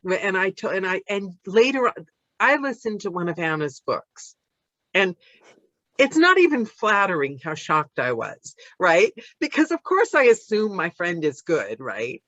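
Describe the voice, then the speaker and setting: Lively American woman chatting, dull audio. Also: medium pitch, measured pace, no echo. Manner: animated, rambling, self-deprecating. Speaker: audiobook narrator, podcast co-host. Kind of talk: casual chat.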